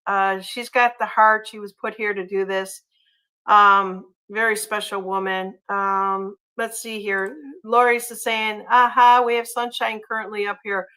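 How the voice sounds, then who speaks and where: A woman hosting a casual livestream, chatty and gushing, often pausing on ums and uhs as she reads viewer comments. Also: medium pitch, bright, forceful tone, smooth, poor audio. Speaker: livestream host.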